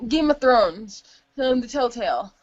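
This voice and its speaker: A woman chatting casually on a gaming podcast, laughing a lot and cursing as she goes. Her voice sits a little high and the sound is dull and lo-fi in a dry space. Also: expressive, a little slow, no echo. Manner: giggly, swears freely, trails off with restarts. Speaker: podcast co-host. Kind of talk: casual chat. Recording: dull lo-fi home recording.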